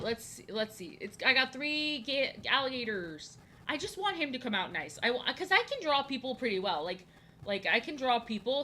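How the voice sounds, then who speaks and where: A woman's voice: fairly high pitch, pushed and bright, slight background noise, rough recording. A woman chatting casually on a live stream while she draws, rambling, repeating lines and poking fun at herself. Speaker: art streamer.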